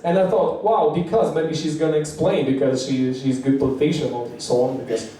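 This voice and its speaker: Man doing rambling open-mic stand-up, swearing a lot, slightly high voice, echoey room heard from far off. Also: normal speed, a little mellow, a little hiss or hum. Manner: rambling, profane, acts out quotes in high voices. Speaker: stand-up comedian. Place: small comedy bar.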